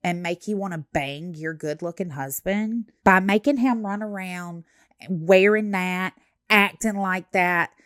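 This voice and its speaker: A woman's voice: on the low side, unhurried, a bit bright, no echo, studio quality. A young woman giving blunt, sarcastic reaction commentary, swearing freely. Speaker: commentary host.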